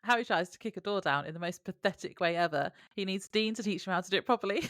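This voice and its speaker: A woman's voice: mid-range voice, fast talker, a bit bright, no echo, clean studio sound. A woman co-hosting a podcast in casual chat, laughing often and reading from her notes. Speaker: podcast co-host.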